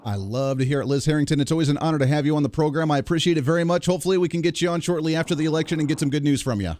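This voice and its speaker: A man hosting a live talk radio show, talking in an animated way and putting on mocking voices when he quotes people. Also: on the high side, very fast.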